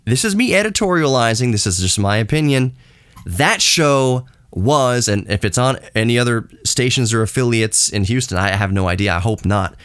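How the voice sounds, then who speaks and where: A podcast host in his late thirties rants in a casual, blunt and sarcastic way. His voice sits at an ordinary pitch but shoots up in disbelief and falls quiet for side remarks. The sound is dry and close, with no room echo. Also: moderate pace, smooth. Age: late 30s. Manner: animated, swoops up high in disbelief, drops low and quiet for asides. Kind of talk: casual ranting monologue.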